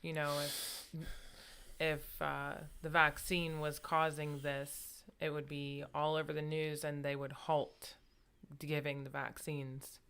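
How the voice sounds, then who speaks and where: A woman co-hosting a live chat, speaking quietly and hesitantly with short agreeing interjections. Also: sits low, level tone, slow pace, clear, resonant tone.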